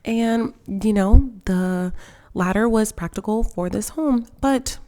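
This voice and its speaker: A woman's voice: mid-range voice, slow, dark tone. A woman in her twenties talking casually over game footage, self-conscious and filler-heavy, a little emotional. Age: 20s. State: emotional, near tears. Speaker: Sims gaming vlogger.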